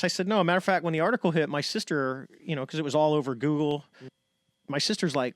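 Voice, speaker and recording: A middle-aged American man telling stories as a podcast guest, animated and acting out the people he quotes. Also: a little high, quick pace, dry recording. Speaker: podcast guest, retired navy pilot. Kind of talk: casual storytelling.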